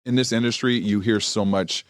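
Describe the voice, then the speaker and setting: Male journalist guest, low voice, animated anecdote teller, dry studio sound. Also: normal speed, no room sound. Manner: animated storyteller who acts out what people said. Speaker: entertainment journalist, podcast guest. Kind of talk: storytelling anecdote in a podcast interview.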